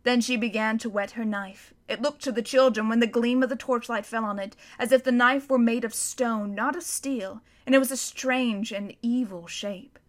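A woman narrating a children's story aloud in an expressive, dramatic reading style. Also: fairly high pitch, moderate pace, few pauses.

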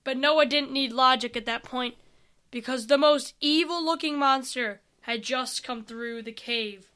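Reading an adventure story aloud, this woman sounds calm, unhurried, and smooth. Her voice is high and bright, and her pace stays even like a bedtime storybook.

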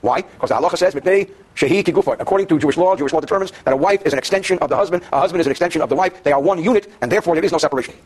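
Male teacher, high voice, husky, very fast talker, reads Hebrew then explains with jokes. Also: darkish tone. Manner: addresses students in the room. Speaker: Torah teacher. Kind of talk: daily Jewish law class.

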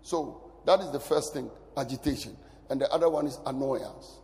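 A man preaching a sermon as pastor, his delivery swinging from loud bursts to near whispers. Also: medium pitch, moderate pace, a little hiss or hum. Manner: animated preaching, sudden loud rises and drops to near whisper. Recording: long hall reverb.

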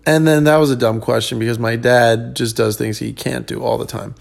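A man with a very gravelly, creaky voice chats alone on his podcast, worn out and loose. He wanders from thought to thought, full of ums and self-corrections, at a mid pitch. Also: steady tone, brisk. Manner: rambling, many ums and restarts. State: tired. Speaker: comedian podcast host. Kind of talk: casual solo chat.

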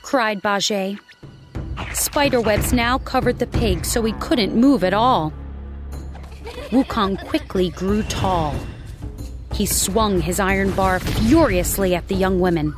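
Slow, clear woman reading a storybook. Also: mid-range voice, music in the background. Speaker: narrator. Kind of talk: storybook narration.

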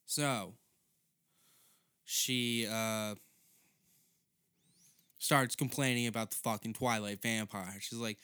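A man's voice: lowish voice, fairly even intonation, takes it slowly, pauses often, bright, forceful tone, clean tone, no room sound, studio quality. A young man doing a rambling, profane comedic monologue as a podcast host.

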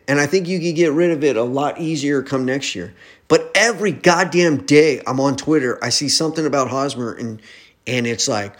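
A young man in a casual sports rant, profane and heated, arguing back at imagined critics. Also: on the high side. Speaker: sports podcaster.

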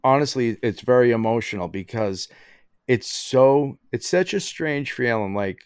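A man's voice: medium pitch, animated, a little slow, a little mellow, smooth, dry recording, clean studio sound. A middle-aged man telling stories in a casual chat, with lots of fillers like "you know". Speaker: guest. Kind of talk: casual storytelling.

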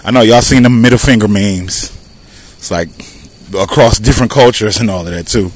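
A man's voice: fairly low pitch, normal speed, husky, poor audio. A man with a Southern American accent hosting a casual podcast monologue while walking outdoors near traffic, talking emphatically and firing off rhetorical questions. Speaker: podcast host. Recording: light street noise, cars passing.

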